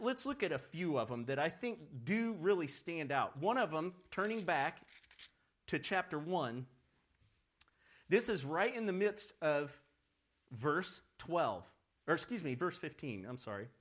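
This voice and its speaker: A man teaching a Bible study lesson in a conversational, animated way, often correcting himself as he goes. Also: a little high.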